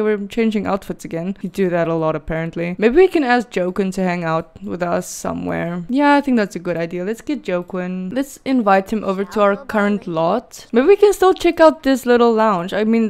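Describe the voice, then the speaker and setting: A woman's voice: a little high, a little mellow. A woman hosting a let's play, chatting casually and giggling as she comments on her game, often gasping and exclaiming at what she finds.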